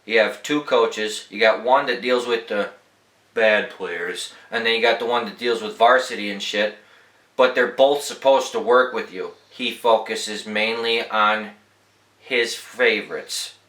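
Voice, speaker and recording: A man's voice: lowish voice, a little slow, bright, forceful tone, reverberant, poor audio. A young man hosting a podcast, telling laid-back, profanity-laced stories in a rambling, casual way. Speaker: podcast host. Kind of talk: casual storytelling.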